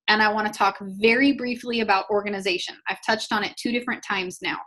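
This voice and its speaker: A woman's voice: mid-range voice, steady tone, fast talker, fairly bright tone. Give me an encouraging woman trainer giving a casual live webinar lesson. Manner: chatty, upbeat and encouraging, talks straight to her audience. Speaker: network marketing trainer. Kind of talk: live online business training.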